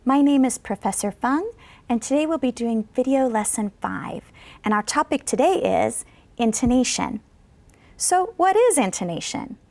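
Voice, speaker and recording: A woman with a slightly high voice and a gravelly edge teaches English pronunciation in a studio video lesson. She is patient and instructive, stretching out model sentences slowly for learners to repeat. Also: animated, darkish tone. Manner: slow, exaggerated model sentences for students to repeat. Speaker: ESL pronunciation professor. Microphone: studio microphone.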